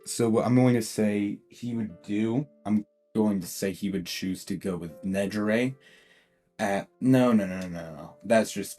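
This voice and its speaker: A young man tells a what-if story in a casual, rambling way, often laughing and correcting himself. His voice is fairly low, with faint guitar music playing underneath. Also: darkish tone, breathy edge.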